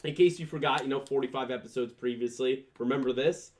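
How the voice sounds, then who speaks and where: A man's voice: medium pitch, fast talker, darkish tone. A man co-hosting a casual podcast, retelling scenes with animation. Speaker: podcast co-host.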